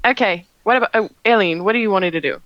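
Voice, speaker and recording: A woman narrating as game master of a tabletop game, hesitant and full of fillers, slowing down to describe. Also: medium pitch, no room sound, highs cut off. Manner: hesitant with many fillers and restarts, slow when describing.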